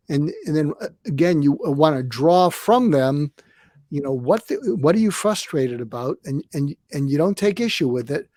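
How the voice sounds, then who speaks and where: A man in his seventies, a retired psychiatrist, calmly explaining conflict techniques on a podcast and acting out example dialogues. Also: a little high, normal speed, dry recording. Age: 70s. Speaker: guest psychiatrist and coach. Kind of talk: conversational advice on a podcast.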